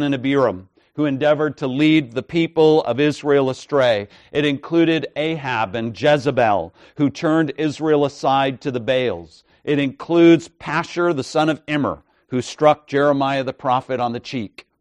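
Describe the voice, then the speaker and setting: A male preacher delivers an expository sermon at an unhurried, deliberate pace. His pitch sits in the middle range for a man, and he stresses each item in his lists. He keeps checking in with his listeners by asking "right?" and "okay?". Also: dry recording.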